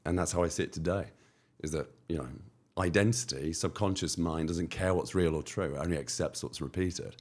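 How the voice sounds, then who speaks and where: A man's voice: low voice, brisk, few pauses. A man from the United Kingdom, a guest entrepreneur on a podcast, talking in an emphatic, motivational way and repeating phrases for effect. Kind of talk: podcast interview.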